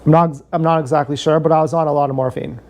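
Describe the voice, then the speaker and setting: A young man livestreams a rambling personal story, swearing freely and circling back on himself. His voice sits a little high with a warm, mellow tone. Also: steady tone, fast. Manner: meandering, profane, joking, repeats himself.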